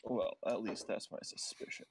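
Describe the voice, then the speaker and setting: A man playing his character in a tabletop game, speaking in a measured, formal way. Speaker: player.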